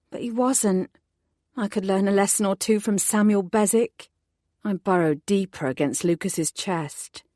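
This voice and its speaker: A woman narrating a first-person audiobook in a clear, steady storytelling voice on a close studio mic. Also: mid-range voice, measured pace, no room sound.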